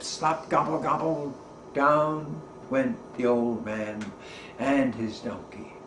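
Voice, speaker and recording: Slow, playful male storyteller. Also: mid-range voice. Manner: playful, rhythmic sound words. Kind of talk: storybook narration. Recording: roomy echo, faint background noise.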